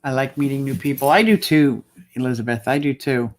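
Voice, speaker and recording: A woman's voice: rumbling low, a little fast, a little mellow. A woman hosting a casual livestream, chatting and reading out viewer comments. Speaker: livestream host.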